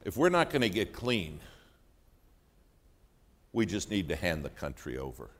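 A low-voiced man delivers a sermon as a story. His pitch swings widely, rising in loud bursts and dropping to hushed lines. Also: very animated, unhurried. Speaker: preacher.

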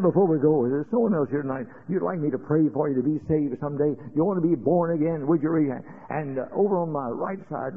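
A man preaching, telling a story in a folksy, halting way with many fillers and rising to loud warnings. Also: on the high side, gravelly, husky. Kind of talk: storytelling sermon. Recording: tinny old radio broadcast.

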